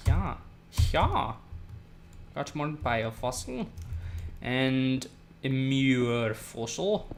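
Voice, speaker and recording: A man's voice: medium pitch, fairly bright tone, a little hiss or hum. A man hosting a gameplay video, chatting casually with rambling, self-mocking jokes.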